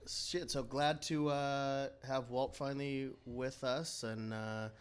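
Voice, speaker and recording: A man speaking as a podcast co-host in casual chat, laid-back and joking, often pausing with ums and uhs. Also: mid-range voice, fairly even intonation, smooth. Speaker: podcast co-host and former baseball player.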